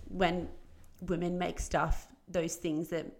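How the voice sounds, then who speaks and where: Gravelly low-voiced woman chatting. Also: level tone, slow pace, a little mellow. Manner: chatty, lots of "like" fillers. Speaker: podcast co-host. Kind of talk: casual chat.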